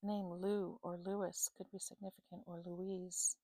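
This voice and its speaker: Mellow-voiced woman giving a psychic reading. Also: lowish voice, flat delivery, no echo, low-quality recording. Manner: unhurried, many fillers and "okay?" check-ins. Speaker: psychic reader. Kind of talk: intuitive reading monologue.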